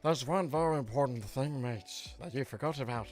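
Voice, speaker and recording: A man's voice: mid-range voice, moderate pace, darkish tone, faint music behind, natural voice. A man voicing a manic mashup of a swaggering pirate captain and a small alien creature, hyper and slurring.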